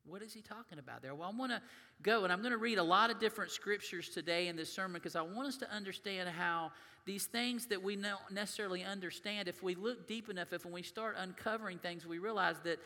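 Preacher with a bright voice. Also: male voice, sits high, quick pace, long reverb tail. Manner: conversational preaching, reads scripture aloud. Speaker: pastor. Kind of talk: sermon. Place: church sanctuary.

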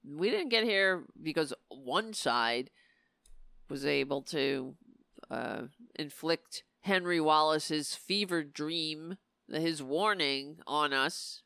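A woman hosts a political live stream with impassioned, emphatic delivery. Her voice is somewhat low for a woman, crisp and a little hoarse. She talks slowly, recorded close and dry. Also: a bit bright, dry recording. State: losing her voice. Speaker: political talk show host.

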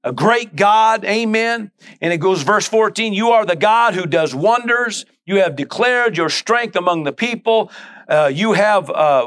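A man's voice: sits high, a bit bright. A man preaching a sermon as pastor, reading scripture and adding frequent amens.

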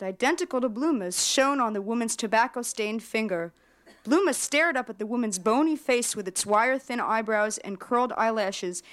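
A woman writer giving a measured literary reading of her own fiction. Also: a little high.

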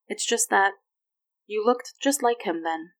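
A woman voicing a tired, tender adult mother who speaks softly and gently. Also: medium pitch, unhurried, voice pushed up, natural voice. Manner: soft and gentle.

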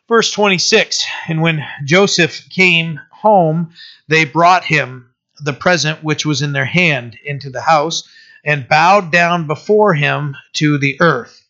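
Pastor guy talking thru a bible passage, lots of uhs, bright voice, kinda muffled recording. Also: on the high side. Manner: conversational, many fillers and restarts, reads scripture aloud slowly. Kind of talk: sermon, informal Bible teaching.

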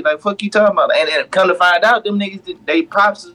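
A man's voice: high voice, a little fast, pushed and bright. A man co-hosting a casual podcast, telling stories in slang with plenty of swearing. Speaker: podcast co-host. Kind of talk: casual chat.

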